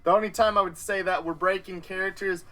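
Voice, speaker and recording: A man interviewing a cosplayer, playful and quick to laugh in casual talk. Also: high voice, steady tone, sharp tone.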